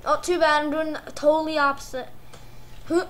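A woman commentating on her own gameplay, excitable, cheering and shrieking at what happens on screen. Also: high-pitched, brisk, poor audio. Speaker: gaming commentator. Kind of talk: let's play commentary.

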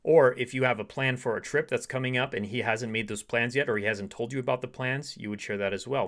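A man's voice: medium pitch, a little fast, few pauses. Man coaching women on dating. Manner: acts out short quoted dialogues in softer voice.

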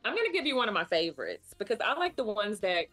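A woman's voice: mid-range voice, big pitch swings, quick pace, a bit bright, soft background music. A woman speech pathologist, a guest on a talk show, explaining vocal health and leading tongue twister drills in an upbeat, coaching way. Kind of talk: casual instructional chat.

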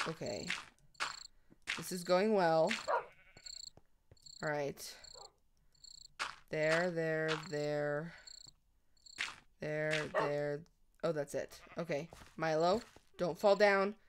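A woman hosting a let's-play, chatting casually through her game and talking sweetly to her in-game pets, with sudden excited shrieks. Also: deep voice, extremely slow, long pauses, background noise. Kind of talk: casual gameplay commentary.

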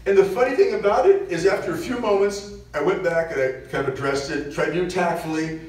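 A man's voice: a little high, quick pace. A man giving a parish mission talk, telling stories and acting out what people said. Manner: animated storyteller acting out quotes. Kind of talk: storytelling talk to a church audience. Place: large church. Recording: echoey church, distant mic, faint hiss.

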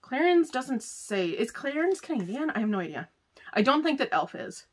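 A bubbly woman vlogger talks her way through a beauty subscription box in a casual chat to camera. Her voice sits a little high and swoops animatedly, and she gushes excitably over each item. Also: normal speed, slightly rough. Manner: gushing, excitable, chatty with frequent "like" and "oh my gosh".

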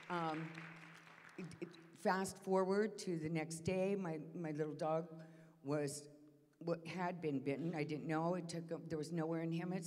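Woman, lower voice, church testimony, halting emotional telling, long hall reverb. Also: darkish tone. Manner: emotional, halting storytelling with restarts. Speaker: church member giving testimony. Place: church sanctuary.

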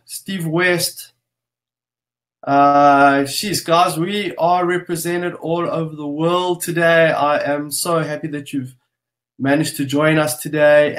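Upbeat man hosting a live webinar. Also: on the high side. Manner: upbeat, greets viewers one by one. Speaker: webinar host. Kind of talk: casual live webinar chat.

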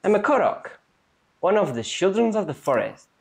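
A woman's voice: mid-range voice, very animated, normal speed, voice pushed up. A woman voicing a small, lost male forest sprite from a video game with a sing-song put-on accent. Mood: plaintive.

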